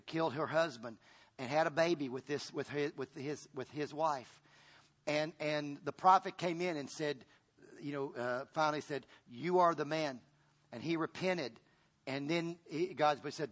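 A fairly high-voiced man preaching a sermon, his delivery swinging from loud, pressing lines to hushed ones. He repeats himself and restarts phrases in full pastor mode.

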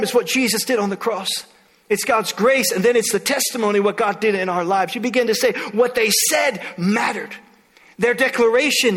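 A man's voice: sits high, a bit bright, in a large hall. A man preaching a sermon in church, energetically calling out to the congregation. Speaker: pastor.

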